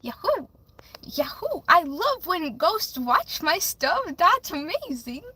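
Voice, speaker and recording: Bubbly high-voiced young woman streaming. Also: sing-song, takes it slowly, pushed and bright, low-quality recording. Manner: bubbly and giggly, chatting with viewers. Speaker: livestreamer reading tarot cards. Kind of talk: casual livestream chat.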